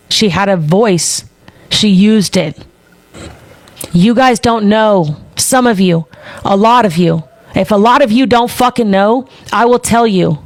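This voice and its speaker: A woman's voice: mid-range voice, dry recording. A woman hosting a live stream, giving an impassioned speech full of emphatic swearing.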